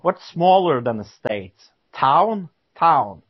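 A man's voice: on the high side, sing-song, slow, slightly rough. A man from Norway hosting a casual podcast, joking around in a playful, hesitant way. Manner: playful, putting on a joke British persona. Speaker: podcast host. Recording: dull lo-fi sound.

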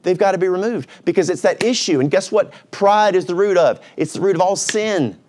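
A male pastor preaching a sermon in a lively, conversational way, dropping to a quiet low voice at reflective moments. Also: a little fast. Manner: energetic, conversational preaching with sudden pitch swings.

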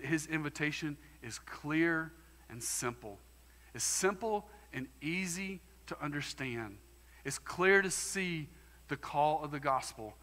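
A man's voice: mid-range voice, pushed and bright, big-room sound. A man preaching a sermon as pastor, emphatic and conversational. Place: church sanctuary.

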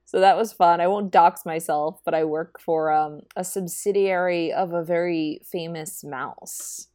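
A woman's voice: fairly low pitch, steady tone, measured pace, darkish tone. A young woman co-hosting a casual podcast with dry, wry humor. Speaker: podcast co-host.

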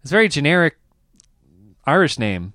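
A man's voice: a little high, a little fast, dry recording. A man, a comedian and podcast co-host, telling a story in casual chat, rambling with lots of fillers and restarts and laughing as he talks. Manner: animated, rambling, full of fillers and restarts, laughs mid-sentence.

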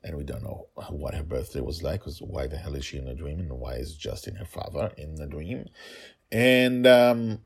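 A man hosting and narrating a fantasy story podcast, animated and chuckling between beats. His voice sits very low with a gravelly creak and a husky grain. His pitch swings widely as he tells the story. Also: moderate pace.

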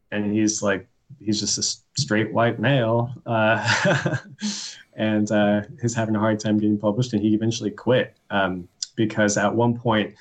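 A young man, a poet being interviewed, talking casually with many fillers and restarts. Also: fairly low pitch. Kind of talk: casual conversation.

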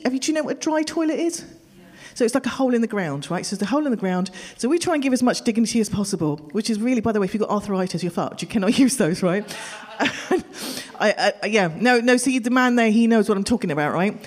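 A woman telling her own story to a live audience. She talks animatedly, swings into loud exasperated outbursts and often breaks into laughter. She acts out her family's voices as she goes. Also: fairly high pitch, animated, quick pace.

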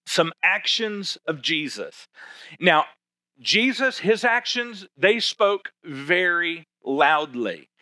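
A man's voice: fairly high pitch, sharp tone, no echo. A man preaching a sermon in a conversational, emphatic way, often asking the audience rhetorical questions. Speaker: pastor.

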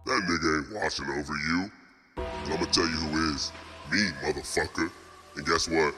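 A man's voice: extremely low pitch, normal speed, voice pushed down. A man voicing a brash, foul-mouthed male devil who taunts the listener over a music beat. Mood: taunting. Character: crude male devil tempting from below.

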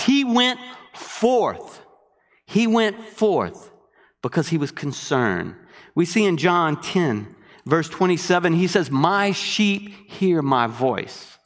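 Slow-talking guy preaching, sings out questions to the crowd, big hall reverb. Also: a little high. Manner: animated preaching with call-and-response questions. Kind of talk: sermon.

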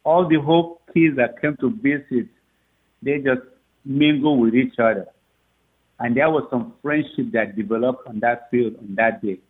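A man, the father of a recruit, telling a story in a rambling, halting way with frequent laughs. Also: medium pitch, husky. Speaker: father of a recruit, interview guest. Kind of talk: phone interview, storytelling. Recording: tinny phone line.

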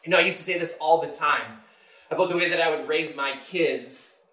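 A man in his thirties preaching a sermon as pastor, emphatic, swinging between loud mock-confident declarations and soft, low confessions. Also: a little fast, echoey room.

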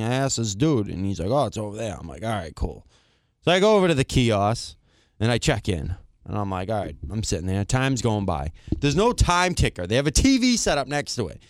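A man's voice: medium pitch, fairly quick, no echo, studio quality. A man co-hosting a casual talk show, telling a long rant and acting out both sides of the exchange. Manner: animated, acts out both sides of a story, swears casually. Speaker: podcast co-host. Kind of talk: casual chat, storytelling rant.

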